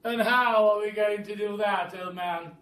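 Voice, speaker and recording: A man's voice: high-pitched, fairly even intonation, a little slow, fairly bright tone, pitched above the performer's own voice. A man voicing a posh, confident roly-poly bird with a haughty manner. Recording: echoey room, mic at a distance.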